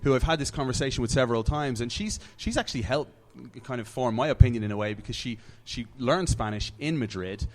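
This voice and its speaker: A man from Ireland, a soccer broadcaster, talking at a live panel discussion in a brewery, animated and stumbling over words as he works out a point. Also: mid-range voice, fast talker, hardly any pauses. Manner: animated, repeats words while working out a point.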